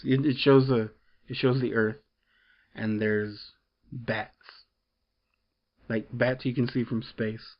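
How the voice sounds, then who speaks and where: Man, casual comic recap, rambly with fillers, mid-pitched voice, slightly muffled recording. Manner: rambling, with frequent fillers and restarts. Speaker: comic book reviewer.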